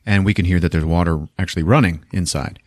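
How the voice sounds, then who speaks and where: A man's voice: deep voice, steady tone, fast talker, dry recording, clean studio sound. A man hosting a podcast, casually retelling a movie plot with lots of swearing and laughter. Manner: profane, laughing storytelling. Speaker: podcast host.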